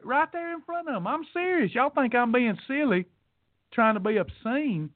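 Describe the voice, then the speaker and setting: A very high-pitched male voice comes through tinny, phone-like audio without any echo. He's a weight loss podcast host giving a preachy, motivational rant, bluntly scolding listeners and repeating himself to drive points home.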